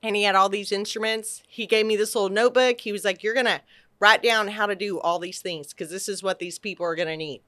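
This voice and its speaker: A middle-aged woman from Texas shares a personal story in a casual, animated way, slipping into quoted voices and restarting her sentences. Her tone is bright and forward, sitting at a medium pitch. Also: quick pace. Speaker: podcast guest.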